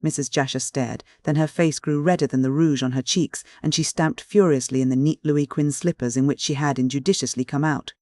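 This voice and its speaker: An audiobook narrator giving a steady, even scripted narration of a classic mystery novel. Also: medium pitch, fairly quick, hardly any pauses, no room sound, clean studio sound.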